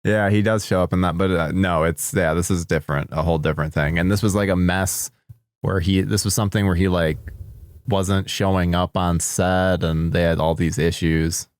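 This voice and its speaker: This podcast co-host has a deep voice and a steady tone, speaking at a moderate pace. He jokes and laughs a lot while chatting casually about a movie, and the recording is studio quality with no echo.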